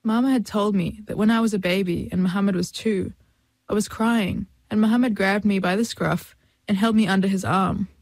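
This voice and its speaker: A woman reading a first-person story as an audiobook, in a measured storytelling manner and close to the mic. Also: mid-range voice, steady tone, darkish tone, no echo. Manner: measured storytelling, voicing family and friends in dialogue. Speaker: audiobook narrator.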